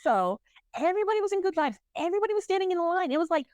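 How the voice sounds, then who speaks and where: A woman's voice: very high-pitched, rapid-fire, no room sound. A woman co-hosting a podcast, telling stories in casual chat and acting out what people said. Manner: animated storytelling with acted-out quotes and laughs. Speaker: podcast co-host.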